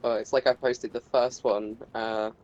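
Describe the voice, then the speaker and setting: A man's voice: medium pitch, little pitch movement, measured pace, darkish tone, dull audio. Chatty man gaming with a friend. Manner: chatty, laughs often. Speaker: channel host and gamer. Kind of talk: casual chat while playing. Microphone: desktop mic on voice chat.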